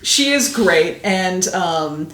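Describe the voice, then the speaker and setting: A woman guest on a podcast, chatting in an animated way and laughing often. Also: lowish voice, extremely slow, a loud crowd. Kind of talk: casual interview chat. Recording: roomy echo.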